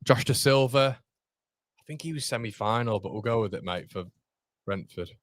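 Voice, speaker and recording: A man chatting excitedly on a live stream, reacting to the chat and the football match as he watches. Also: mid-range voice, normal speed, dry recording.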